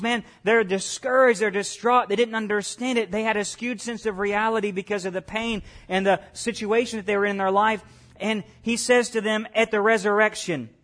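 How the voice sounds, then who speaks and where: High-voiced preacher. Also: male voice, fairly bright tone. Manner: conversational preaching, rhetorical questions, acts out quotes. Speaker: pastor. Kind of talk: sermon.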